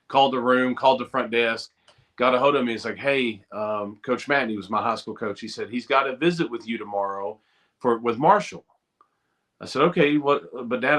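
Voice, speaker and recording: A middle-aged man, a former football player telling an animated story as a podcast guest over a video call. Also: mid-range voice. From Eastern Kentucky. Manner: animated storyteller, acts out quoted voices.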